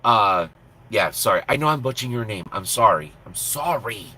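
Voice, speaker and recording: A man's voice: fairly low pitch, expressive, moderate pace, bright, forceful tone, slightly rough, rough recording. A man who drives a truck, chatting on his live stream from the cab in a blunt, profane, self-mocking way and laughing easily. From Minnesota, USA. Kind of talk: casual live-stream chat.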